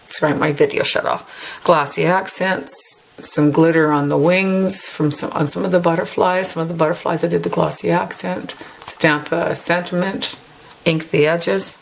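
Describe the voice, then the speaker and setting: A woman hosting a craft tutorial, chatting casually as she shows her work and often adds a quick "right?". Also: low voice, vocal fry, a little hiss or hum. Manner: chatty, tacks on "right?" tag questions. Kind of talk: casual show-and-tell tutorial.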